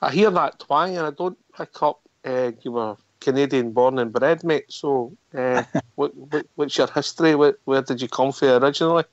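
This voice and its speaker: A man's voice: mid-range voice, moderate pace, hardly any pauses. A man hosts a live call-in show in a matey, joking tone. He asks his guest questions, and his voice sounds dull and muffled, with a dry, close sound and no room echo. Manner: matey banter, says "mate" a lot. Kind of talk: casual chat.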